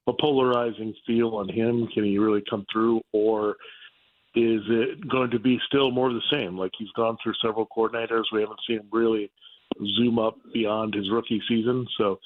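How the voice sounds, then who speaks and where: A man appearing as a guest football writer, giving measured, analytical takes in a radio interview. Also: on the low side. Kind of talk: phone-in interview. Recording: tinny phone line.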